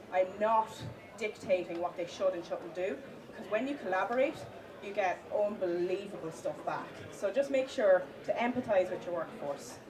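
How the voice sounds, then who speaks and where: Woman giving a talk before an audience. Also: medium pitch. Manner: filler-heavy, restarts, stresses list items slowly. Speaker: conference speaker. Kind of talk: live talk presentation. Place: conference hall with audience. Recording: distant mic, audience in hall.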